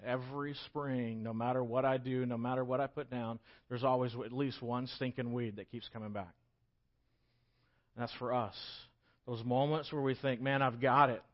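A man preaching a sermon, swinging from loud, urgent pleas to quiet, emphatic pauses. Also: mid-range voice. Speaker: pastor. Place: church hall. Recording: dull, lo-fi recording.

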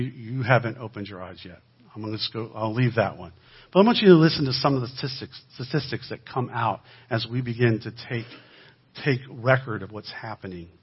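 A man giving a sermon-style talk as a guest speaker, swinging between loud emphasis and quiet asides. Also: medium pitch, slightly rough. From United States. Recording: dull lo-fi recording.

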